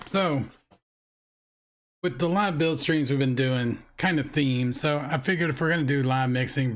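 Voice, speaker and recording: Hoarse man chatting on a live stream. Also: medium pitch. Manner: loose, rambling and chatty. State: hoarse, frog in throat. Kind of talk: casual live-stream chat.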